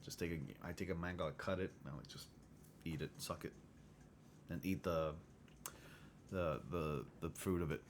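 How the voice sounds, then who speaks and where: A man's voice: sits low, normal speed, pauses often, slight background noise. A man hosting a casual livestream chat, rambling with lots of filler words and chuckling often. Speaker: livestream host.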